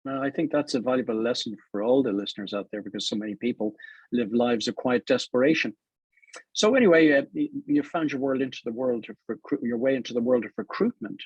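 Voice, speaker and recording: Husky-voiced male radio host. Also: medium pitch, quick pace, no room sound, muffled recording. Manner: conversational, guiding the guest with prompts. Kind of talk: radio interview. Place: radio studio.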